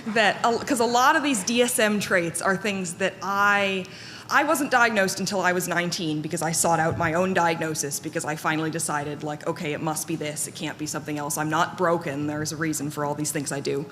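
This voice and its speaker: A woman's voice: on the low side, brisk, fairly bright tone. A woman giving a candid, self-deprecating talk to a conference audience, with many fillers and restarts. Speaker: conference panel speaker. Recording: long hall reverb, faint room noise.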